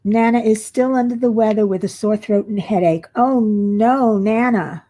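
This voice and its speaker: Her mid-range voice is warm and moves at a normal speed. Tired and yawning, she hosts a relaxed crafting livestream, chatting and reading viewers' comments out loud while she works.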